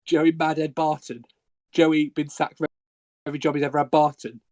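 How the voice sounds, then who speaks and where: A man's voice: on the high side, little pitch movement, moderate pace, darkish tone, no room sound, studio quality, close to an everyday voice. A man playing a furious sweary footballer. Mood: furious, mocking. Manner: swearing, fuming, mocking. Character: brash angry young male footballer.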